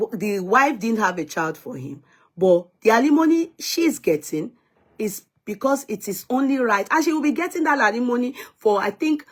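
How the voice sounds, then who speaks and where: A woman's voice: a little high, slightly rough. A Nigerian woman vlogger chatting casually to her viewers, answering commenters and slipping in Yoruba phrases.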